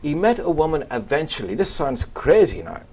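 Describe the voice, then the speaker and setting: A man's voice: on the high side, very animated, normal speed, warm tone, breathy edge. A man, a radio guest, telling a rambling anecdote full of quoted voices. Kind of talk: storytelling in a radio chat.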